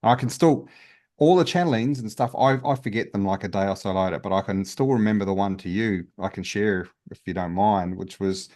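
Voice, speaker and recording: A man's voice: lowish voice, fairly quick, darkish tone. A man, a guest healer, telling his story in a casual interview in an earnest, open way with many restarts.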